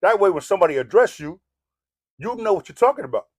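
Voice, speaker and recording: A man's voice: high voice, big pitch swings, fast, dry recording, studio quality. Blunt, profane Samoan-Californian man ranting. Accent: Samoan-influenced Southern California. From Southern California. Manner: blunt, rude and profane, preachy; rambling with frequent "you know what I mean". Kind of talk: ranting monologue.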